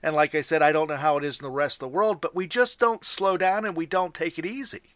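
American man in his forties, earnest, high-pitched, dry close sound. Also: fast talker, fairly bright tone, no echo. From United States. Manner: earnest, repeats words when starting. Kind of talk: casual podcast chat.

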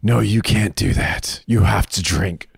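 A stern company boss, as a man puts him on to retell a TV drama, pressing a worker to drink. He talks in a slow, insistent way, lower than the storyteller's own voice, close and dry. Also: creaky, slightly rough, no echo, exaggerated voice.

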